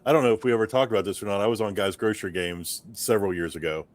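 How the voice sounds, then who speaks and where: A man hosting a podcast, asking relaxed questions full of fillers. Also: fairly low pitch, racing. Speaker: podcast host. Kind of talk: casual interview chat.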